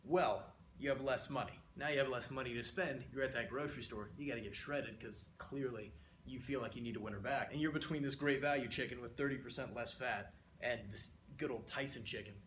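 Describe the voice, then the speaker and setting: A man hams his way through a mock economics lecture in a middle-pitched voice, rambling off into playful, exaggerated asides. The sound is roomy and echoey, with a faint hiss underneath. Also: fairly quick, a bit bright. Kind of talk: comedic lecture sketch. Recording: roomy echo.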